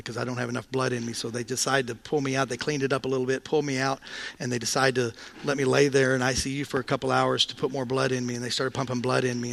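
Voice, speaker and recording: A man telling a personal testimony, animated and acting out the dialogue in voices. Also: medium pitch, gravelly. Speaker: speaker sharing a testimony.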